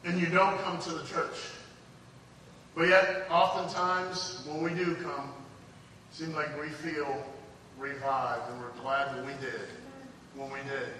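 A man preaching a sermon through a story, moving between loud emphatic preaching and hushed retold dialogue. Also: a little high, fairly even intonation, a little slow, slight background noise. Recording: echoey hall from far off, faint ambience.

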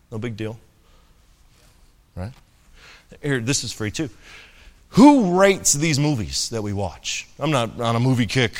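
A man's voice: fairly high pitch, fairly bright tone, big-room sound. A man preaching a sermon in a church, talking with the congregation through rhetorical questions and asides. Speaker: pastor.

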